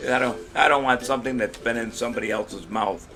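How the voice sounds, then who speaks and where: Jokey rambling trivia host man, music behind. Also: medium pitch. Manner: jokey, rambling, reads questions slowly. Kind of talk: casual live-stream quiz hosting.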